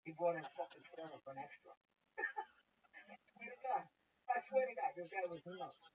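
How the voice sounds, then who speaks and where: An older man telling stories in casual chat, animated, swearing and acting out quotes. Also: a little high, moderate pace. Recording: distant, dull recording with faint noise.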